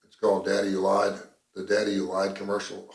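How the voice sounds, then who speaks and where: Gravelly rambling male radio host. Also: low-pitched, a little fast, reverberant. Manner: rambling, animated storyteller. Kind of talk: casual radio chat.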